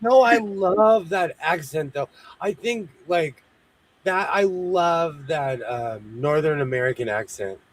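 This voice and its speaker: A man's voice: fairly high pitch, takes it slowly. A man chatting casually on a video stream, telling stories and joking. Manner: animated storyteller, jokey. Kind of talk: casual chat.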